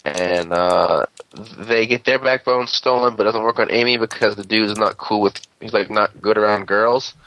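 A man's voice: on the low side, moderate pace, a bit bright, no room sound. A man on a podcast recapping a show episode in a rambling, crude casual way, full of fillers and quoted lines. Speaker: podcast host.

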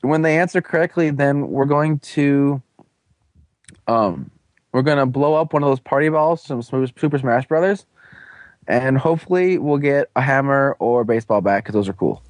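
A man co-hosting a casual podcast, recapping an episode in a rambling, jokey way and acting out characters in quick quoted voices. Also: mid-range voice, no echo. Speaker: podcast co-host.

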